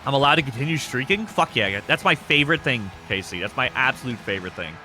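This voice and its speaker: A man in his thirties hosting a game stream, chatting casually and answering chat in a rambling, self-described monotone. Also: medium pitch, fast talker, faint music behind. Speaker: streamer hosting an e-fed wrestling show.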